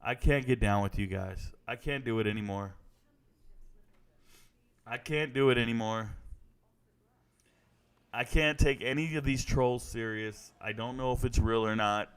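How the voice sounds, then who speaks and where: A man's voice: mid-range voice, fairly even intonation, measured pace, long pauses, fairly bright tone, clear, resonant tone. A man reacting live to fight night in casual stream chat, joking, rambling and reading viewer comments aloud.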